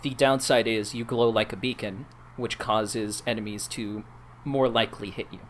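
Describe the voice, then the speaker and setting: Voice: mid-range voice, steady tone, normal speed, a little hiss or hum. A player in a tabletop game who explains rules in detail and laughs easily. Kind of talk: casual tabletop game play.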